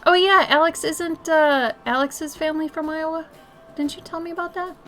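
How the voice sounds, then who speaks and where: A woman's voice: high-pitched, steady tone, moderate pace, fairly bright tone, soft background music. A woman in her thirties from Minnesota, with a slight Minnesotan accent, chatting casually as she answers her live-stream chat. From Minnesota, USA. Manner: chatty, reads and answers chat, gushes and giggles. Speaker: art streamer.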